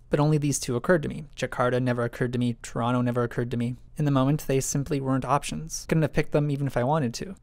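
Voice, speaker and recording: Male essay narrator, self-questioning and musing, gravelly voice, dry close recording. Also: mid-range voice, darkish tone, no room sound. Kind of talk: reflective scripted narration.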